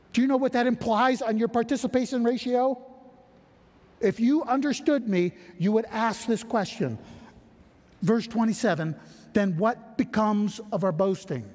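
High-voiced preacher in a big hall. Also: male voice, a little mellow. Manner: emphatic, asks rhetorical questions. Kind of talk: sermon. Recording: reverberant hall.

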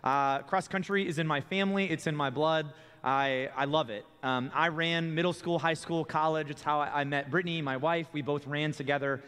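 Casual pastor in a reverberant hall. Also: male voice, a little high, steady tone, moderate pace, fairly bright tone, clear, resonant tone. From Texas. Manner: conversational, repeats words when starting phrases. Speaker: student ministry pastor. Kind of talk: sermon. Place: church sanctuary. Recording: long reverb of a church hall.

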